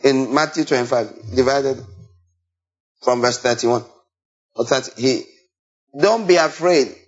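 A man preaching a sermon, animated and full of rhetorical questions, now and then imitating sheep and shepherd calls. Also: medium pitch, unhurried. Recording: dull lo-fi recording.

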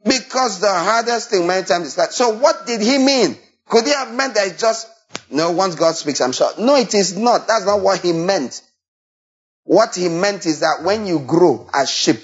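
Preacher guy, lively, asks the crowd lots of questions, muffled lo-fi recording. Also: high-pitched, normal speed. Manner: animated, rhetorical questions, acts out bleating and shepherd calls. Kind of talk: sermon. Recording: dull lo-fi recording.

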